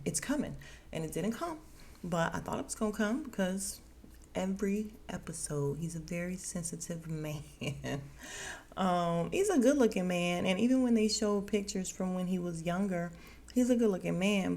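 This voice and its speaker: A young woman hosts a casual podcast recap with a chatty, animated delivery. She leans on slang and laughs often as she talks. Her voice sits fairly low for a woman. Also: gravelly. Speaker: podcast host.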